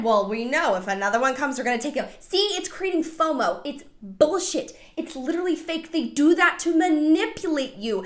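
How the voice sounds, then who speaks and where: A woman giving excited, emphatic reaction commentary, swearing freely. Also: high voice. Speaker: anti-MLM commentator.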